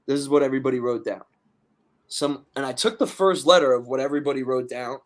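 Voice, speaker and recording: This Philadelphia man talks fast at a medium pitch while spinning a story as a guest on a podcast. Cursing freely and full of energy, he performs the things his friends said in a relaxed, chatty setting.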